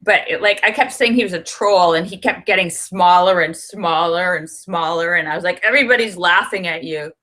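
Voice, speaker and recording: A woman's voice: fairly low pitch, moderate pace, few pauses. A middle-aged woman chatting on her livestream, telling a story and acting out what people said. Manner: chatty storytelling, animated when quoting people. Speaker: livestream host. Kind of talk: casual livestream chat. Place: her home in Los Angeles.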